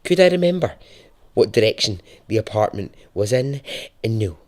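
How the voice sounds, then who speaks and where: A Scottish podcast host from Scotland tells a true story conversationally in a lowish voice at a moderate pace. He's lively, chatty and profane, but drops to a hushed, dramatic tone for the dark moments.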